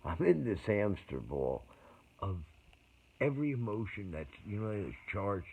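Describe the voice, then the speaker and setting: Older man, gravelly and emotional. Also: on the low side, very animated, unhurried, a little mellow. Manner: emotional, trails off mid-sentence, drops to whispers. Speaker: performer. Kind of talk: rambling personal storytelling monologue. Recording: tinny phone-like audio with faint ambient hiss.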